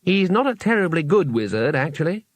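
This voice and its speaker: Male reader putting on a nervous polite tourist, pitched up, lively. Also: brisk, no room sound. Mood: confiding.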